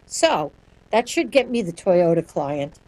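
A woman speaking as a sonic branding guest in an interview, answering in a quick, animated way and laughing often. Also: fairly low pitch, slight background noise, low-quality recording.

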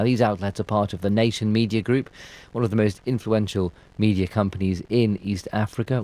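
A male news presenter with a fairly low voice, reading headlines and then questioning a guest in a crisp, pressing way. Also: darkish tone.

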